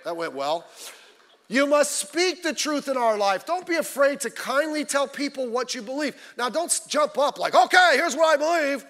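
A middle-aged man preaching a sermon as pastor, animated and folksy, rising to shouts at his big points. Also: very high voice, moderate pace.

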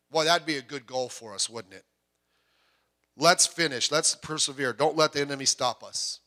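A middle-aged man preaching a sermon as a pastor, animated and joking, sometimes breaking into loud outbursts. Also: a little high, a little fast. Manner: puts on voices when quoting people.

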